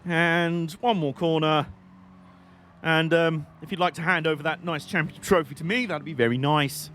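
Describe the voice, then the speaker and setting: A man's voice: on the high side, steady tone, moderate pace, fairly bright tone, slight background noise. A young man giving rambling, jokey live commentary while playing a racing game on stream. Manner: jokey, rambling, chatty banter.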